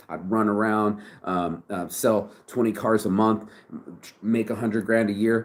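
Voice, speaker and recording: Profane, stammering man in his forties ranting. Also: fairly low pitch. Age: 40s. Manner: raw, emotional, profane rant with stumbling repeated words. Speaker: vlogger and shirt brand owner. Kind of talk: candid vlog monologue.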